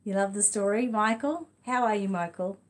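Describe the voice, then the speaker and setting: An Australian woman hosting her channel, chatting casually to viewers and a child, then reading a storybook aloud with lively sound effects, in a home room. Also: medium pitch, moderate pace. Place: home room with lights dimmed.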